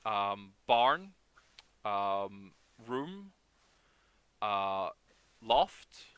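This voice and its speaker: A man's voice: fairly low pitch, sing-song, drawn-out words, fairly bright tone, clear, resonant tone, dry recording. A man hosting a charity stream over a video call, chatting in a rambling, jokey way. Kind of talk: casual chat.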